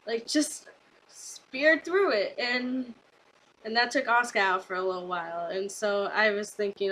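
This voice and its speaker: Bright-voiced young woman gushing excitedly. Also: mid-range voice, unhurried, a little hiss or hum, low-quality recording. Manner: gushing, rambling with many fillers. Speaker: wrestling fan vlogger. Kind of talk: casual excited review.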